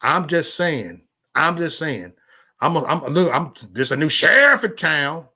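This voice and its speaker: A man ranting on a casual livestream, loud and profane, stammering and restarting, talking straight to viewers by name. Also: fairly high pitch, sing-song, unhurried, breathy edge. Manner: chats directly with viewers by name. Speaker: livestream vlogger.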